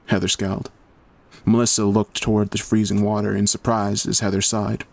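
Male horror narrator, lower voice, dry close sound, measured delivery. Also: flat delivery, gravelly, darkish tone, dry recording. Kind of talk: scripted horror story narration.

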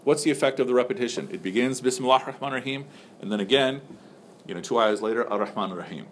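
A man's voice: medium pitch, racing, a little hiss or hum. A man teaching a religious text class in a loose, joking, conversational way, asking his students questions.

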